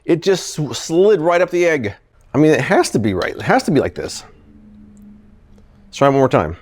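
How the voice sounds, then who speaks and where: A man's voice: fairly high pitch, sing-song, normal speed, long pauses, darkish tone. A man hosting a casual product-testing vlog, talking animatedly and often sounding exasperated, chuckling when a gadget fails. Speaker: product reviewer, channel host.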